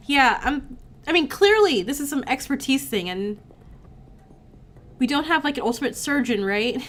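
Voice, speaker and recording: Woman let's player, still getting over a cold, pitched a bit high, casual chat plus read-aloud game dialogue. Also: animated, moderate pace. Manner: chatty, reacts with sighs and groans between read lines. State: recovering from illness, sick-sounding voice. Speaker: let's play streamer. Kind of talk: casual gameplay commentary and reading game text aloud.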